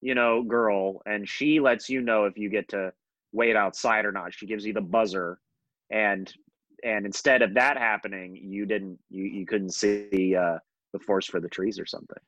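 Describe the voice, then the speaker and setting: A man's voice: lowish voice, fairly even intonation, normal speed, a bit bright, no echo, dull audio. A young man co-hosting a casual podcast chat, rambling with many fillers and restarts. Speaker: podcast co-host.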